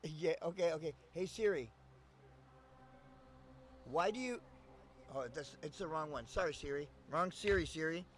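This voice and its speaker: A man's voice: a little high, normal speed, pauses often, a bit bright, a little hiss or hum. A man chatting casually on a live stream, rambling and swearing often, laughing between thoughts.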